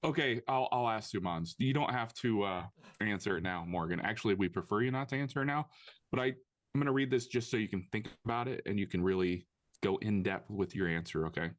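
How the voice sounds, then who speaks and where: Male podcast co-host, low-pitched, dry joker reading listener mail. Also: fairly quick, no room sound. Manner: dry, joking. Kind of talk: casual chat, reading listener questions aloud.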